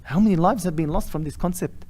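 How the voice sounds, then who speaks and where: A man's voice: fairly high pitch, fast talker, a little mellow. A man delivering an impassioned sermon as a sheikh, building to emphatic rhetorical questions and reciting Arabic phrases. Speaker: sheikh giving a weekly lesson.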